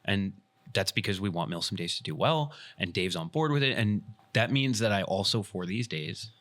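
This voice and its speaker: This podcast host, who also works as airsoft field staff, energetically retells a story and acts out each person's lines. His voice is low yet bright and forward, and he talks as if chatting with friends.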